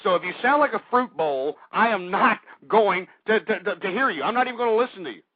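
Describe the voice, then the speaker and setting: A man's voice: high-pitched, animated, fast talker, no room sound. A man hosting a call-in radio show, ranting and hurling insults at his callers. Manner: abrasive, insulting, shouting at callers. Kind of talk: aggressive talk radio rant. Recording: dry, tinny phone-like audio.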